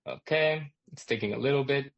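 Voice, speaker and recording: A man hosting a live online class, explaining excitedly with lots of restarts and asides. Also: mid-range voice, fairly quick, gravelly, dry recording. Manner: energetic, rambling, lots of restarts. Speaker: host and instructor. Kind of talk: live webinar teaching.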